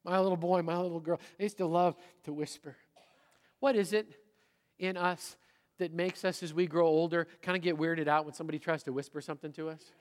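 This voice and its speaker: A middle-aged man preaching in a church, his slightly high voice rising to loud emphasis and dropping to a near-whisper. The sound carries a long hall reverb. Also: fairly even intonation, a little fast. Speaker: pastor. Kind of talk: sermon. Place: church sanctuary.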